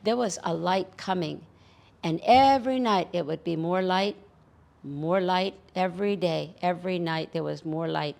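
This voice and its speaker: Gravelly woman storyteller. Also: lowish voice, a little mellow. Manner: measured, rhythmic, repetitive build-up. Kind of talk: spoken folk storytelling.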